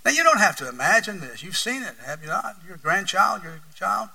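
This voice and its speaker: A man's voice: high-pitched, sing-song, a little fast, vocal fry, pushed and bright, distant mic, poor audio. A man with an East Tennessee accent preaching a sermon as a pastor, telling stories earnestly and swelling and dropping his volume.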